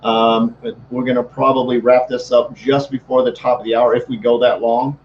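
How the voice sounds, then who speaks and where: A man's voice: medium pitch, level tone, normal speed. A man hosting a live stream, upbeat and repeating words as he introduces a guest. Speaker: host. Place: Saint Louis. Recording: slightly dull with faint noise.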